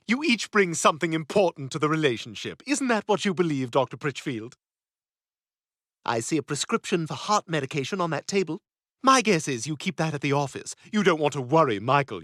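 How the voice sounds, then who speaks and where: A man's voice: fairly high pitch, fairly bright tone, dry recording, studio quality. An actor voicing a snobbish, catty toddler boy who talks in a pompous, sarcastic way. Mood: smug.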